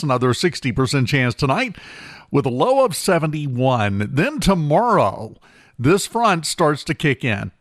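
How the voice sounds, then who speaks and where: A man's voice: on the high side, no echo, clean studio sound. A male morning radio talk show host, running through the weather with wry, joking asides. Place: radio studio. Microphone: close studio mic.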